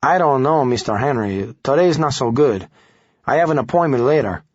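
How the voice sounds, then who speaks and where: A man's voice: mid-range voice, animated, normal speed, breathy edge, no room sound, dull audio, voice pushed up. A man voicing a nervous, evasive middle-aged man with a thick Spanish accent in an audiobook. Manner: hesitant, evasive.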